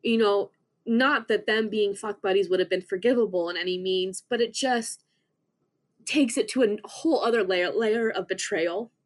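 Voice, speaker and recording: On a podcast, a young female guest tells an emotional personal story at a medium pitch. She is earnest, hesitant, and keeps starting her sentences over.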